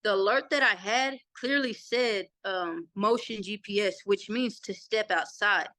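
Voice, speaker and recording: A woman in her thirties with a Texan accent tells a story as an interview guest, acting out the dialogue she quotes. Her voice is medium-pitched and unhurried, with no echo, in a casual, animated retelling.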